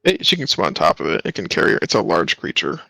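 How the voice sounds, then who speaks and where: Man, tabletop player, gravelly, lively pitch, laid-back. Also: fast talker, dry recording, rough recording. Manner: laid-back, terse replies. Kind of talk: casual tabletop play.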